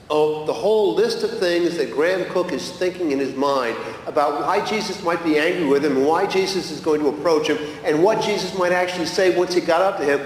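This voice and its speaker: A man preaching a sermon in a church, telling a story in an animated, conversational way with restarts. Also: a little high. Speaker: guest preacher. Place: church sanctuary. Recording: echoey church hall, long reverb, faint noise.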